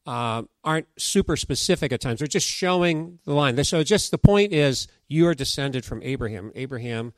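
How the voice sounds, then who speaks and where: A middle-aged man delivers a sermon in a relaxed, conversational way, reading scripture aloud and joking with his listeners. His voice sits a little high for a man. The sound is close and dry. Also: no room sound. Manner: chatty, jokes with the congregation, reads scripture aloud. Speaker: pastor.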